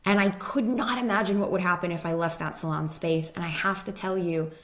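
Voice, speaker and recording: Lively woman telling a personal story. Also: on the low side, fairly quick. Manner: lively storyteller who acts out the people she quotes. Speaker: guest, human design expert. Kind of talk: casual storytelling in conversation.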